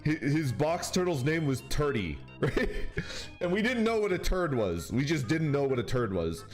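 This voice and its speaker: Lively, laughing male streamer. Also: fairly high pitch, normal speed. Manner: laughs often, rambling and animated. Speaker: streamer chatting with viewers. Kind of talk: casual rambling storytelling. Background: faint background music.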